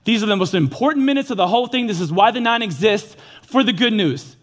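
High-voiced man preaching with animated storytelling. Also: quick pace. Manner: animated storytelling, acts out dialogue. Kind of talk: energetic sermon.

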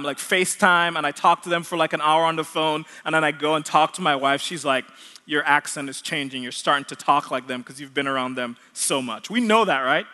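Male preacher from Jamaica, high and bright, earnest and repetitive; long hall reverb. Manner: earnest, repeats key points for emphasis. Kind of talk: sermon.

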